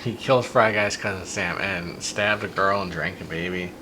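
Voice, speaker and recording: A man's voice: low-pitched, steady tone, normal speed, very noisy. A man hosting a podcast, casually and animatedly retelling a child's silly story, with plenty of fillers and restarts. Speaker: podcast host.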